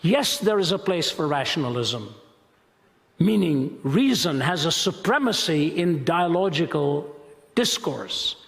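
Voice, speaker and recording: Male preacher, sermon, dramatic emphatic delivery, gravelly edge, long hall reverb. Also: fairly high pitch, sing-song, fairly bright tone. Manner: dramatic, emphatic delivery with slow stressed phrases.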